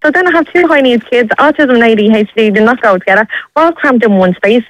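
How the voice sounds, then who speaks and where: An Irish woman caller on the radio, crying as she talks in a halting, distressed way. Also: a little high, animated, dry recording, lo-fi sound. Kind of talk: emotional personal story.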